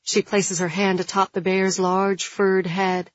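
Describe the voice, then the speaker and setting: A woman reading an audiobook in a measured, even narration. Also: mid-range voice, no echo. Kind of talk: scripted narration. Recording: dull, dry studio sound.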